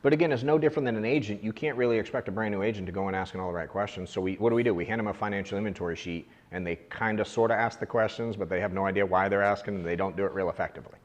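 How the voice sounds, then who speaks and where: A man's voice: fairly low pitch, racing, few pauses, big-room sound, highs cut off. A man who runs an agency, coaching his agents in a casual, blunt way with the odd swear word. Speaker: agency owner training agents. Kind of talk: casual coaching talk to a room. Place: office meeting room.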